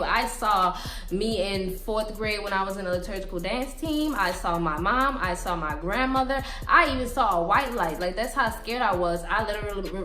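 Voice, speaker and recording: A young woman with a Southern US accent telling a storytime vlog in an animated, dramatic way, full of fillers. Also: mid-range voice. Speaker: vlogger. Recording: echoey room with faint music.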